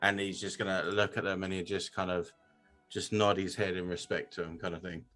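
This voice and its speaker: A man's voice: low-pitched, flat delivery, a little fast, pushed and bright, faint music behind. A man playing a tabletop game who casually describes his character's actions. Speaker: player.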